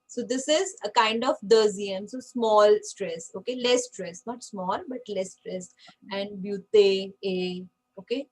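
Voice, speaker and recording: A woman's voice: mid-range voice, measured pace, a little hiss or hum, low-quality recording. A woman teaching an online French class, patient and checking in with frequent okays.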